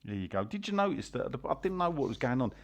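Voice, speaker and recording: A man's voice: medium pitch, very animated, quick pace. A man hosting a casual football podcast, reading listener messages with dry banter.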